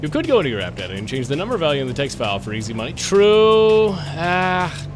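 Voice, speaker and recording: A man's voice: fairly high pitch, big pitch swings, a little fast. A man streaming a game live, ranting in frustration with lots of swearing and laughter. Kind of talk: live gaming commentary. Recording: game music playing behind.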